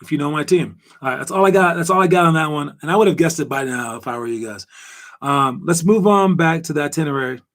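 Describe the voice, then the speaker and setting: Host, male, slightly high voice, loose rambling delivery full of fillers, casual sports chat. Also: quick pace. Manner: rambling, animated, lots of fillers. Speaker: podcast host.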